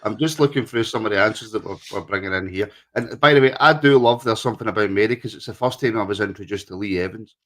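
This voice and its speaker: A man's voice: lowish voice, fast, few pauses, a bit bright. A man co-hosting a casual podcast chat, teasing his co-host in joking banter.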